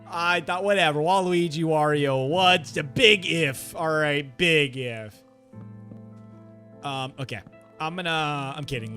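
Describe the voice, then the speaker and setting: A man chatting casually on a late-night live stream, excitable, laughing often and reading his chat aloud. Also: fairly high pitch.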